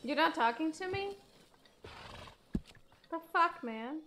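A woman's voice: high-pitched, lively intonation, slow, background noise. A woman streaming a game live, talking emotionally to her viewers and swearing freely. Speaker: gaming streamer. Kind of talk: live gameplay commentary.

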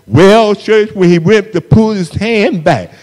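Male preacher, high voice, unhurried sermon cadence, constant call-outs to the congregation. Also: a little mellow. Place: church sanctuary. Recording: long hall reverb in a church.

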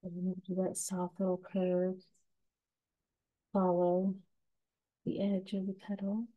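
A woman giving a gentle, unhurried step-by-step painting lesson as the instructor. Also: fairly low pitch, completely flat delivery, narrow, tinny audio.

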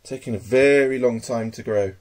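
Bloke rambling about his pets at home, lots of ums, mumbles softly to them, mid pitch. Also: normal speed. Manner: hesitant, many ums, murmurs fondly to his pets. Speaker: tarantula keeper. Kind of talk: casual hobby video.

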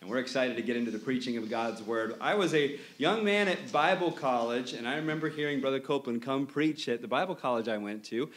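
A man's voice: medium pitch, fairly quick, few pauses. A man, the church's pastor, introducing a guest preacher in a friendly way with light teasing. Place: church sanctuary.

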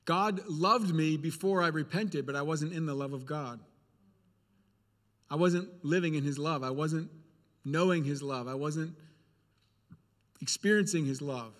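A man's voice: on the high side, unhurried, pauses often, a bit bright, long reverb tail. A male preacher giving a sermon in a church, speaking earnestly and repeating phrases for emphasis.

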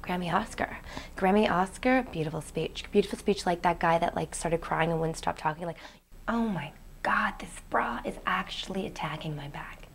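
A woman, playing a naive young aspiring actress who rambles with "like" fillers, swinging between hushed whispers and excited outbursts in a comedic web series monologue. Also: fairly low pitch, moderate pace, gravelly, slight background noise. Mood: rambling. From Canada. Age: 20s. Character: ditzy, daydreaming young woman, dreamy and naive.

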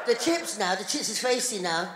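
A middle-aged woman performing a stand-up comedy routine, telling an animated story full of voiced characters. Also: medium pitch, normal speed, a little hiss or hum. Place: town hall stage. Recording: live in a reverberant hall.

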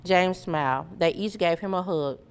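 A woman reading a children's story aloud in a clear, measured way. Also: lowish voice. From Memphis area, USA. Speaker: storybook reader.

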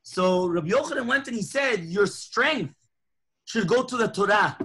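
A rabbi teaches a lunchtime Torah class in a high-sitting voice with a breathy edge, at a moderate pace. He tells stories animatedly and acts out the dialogue.

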